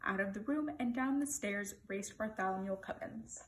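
A woman reading a children's picture book aloud in an expressive, lively storytelling manner. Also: medium pitch, moderate pace, a little hiss or hum, low-quality recording.

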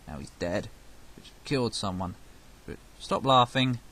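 A man's voice: mid-range voice, very animated, moderate pace, slight background noise. A man commenting on his video game play in a playful, self-mocking way, muttering to himself. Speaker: let's play host. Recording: loud game music underneath.

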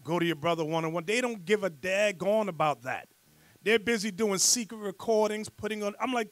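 A man leading a scripture class as bishop, preaching fiery and loud, breaking into rants and shouts. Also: sits high, fairly quick, dry recording. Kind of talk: sermon with rant and teaching.

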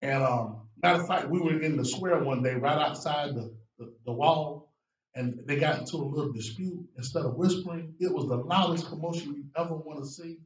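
A man preaching a sermon as a guest preacher, with lively delivery that rises to shouts and drops low for emphasis. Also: brisk, slight background noise. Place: church sanctuary. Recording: echoey church room from far off.

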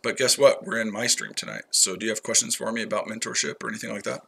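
Brash gravelly man streaming trades. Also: fairly low pitch, steady tone, quick pace, pushed and bright, slight background noise. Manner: brash, profane, trash-talking; chats to viewers by name. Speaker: trading livestream host. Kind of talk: casual livestream chat.

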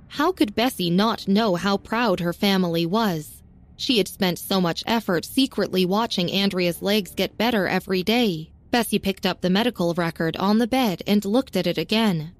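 A woman reading a serialized story as narrator, with a steady, even storytelling manner. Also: mid-range voice, normal speed. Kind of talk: scripted audiobook narration. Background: faint music.

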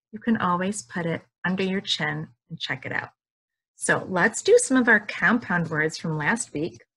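Sitting on the couch in her living room, a woman teaches small children in a mid-range, husky voice with a fairly bright tone. She speaks in slow, drawn-out words and uses sing-song prompts to encourage them.

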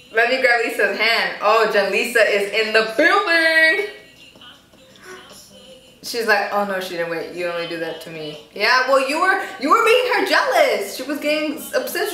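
A woman's voice: high-pitched, sharp tone. A woman hosting a reaction video at home, chatting playfully and talking back at the screen. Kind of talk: casual reaction commentary. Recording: roomy echo, distant from mic, faint music.

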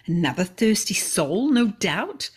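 A woman's voice: sits low, big pitch swings, normal speed, vocal fry, breathy edge, full character voice. A woman reading as a harsh, stern well keeper. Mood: suspicious. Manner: harsh, demanding. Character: stern fault-finding man guarding a village well.

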